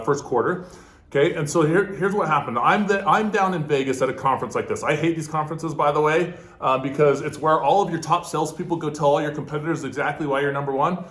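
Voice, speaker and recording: A man telling a business story with punch, acting out both sides of the conversation. His voice sits at a middle pitch. The room around him is echoey. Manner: animated, emphatic, acts out dialogue, frequent "okay?". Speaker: guest entrepreneur.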